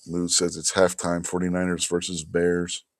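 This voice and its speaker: Low, tired, grumbling male host. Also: monotone, moderate pace, dry recording. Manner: blunt, grumbling, swears. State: tired, yawning. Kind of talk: casual livestream chat.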